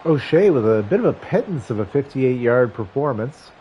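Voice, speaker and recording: A man's voice: medium pitch, sing-song, moderate pace, muffled recording, slight background noise. A man streaming a football video game, giving casual play-by-play with wry, joking asides between stat rundowns.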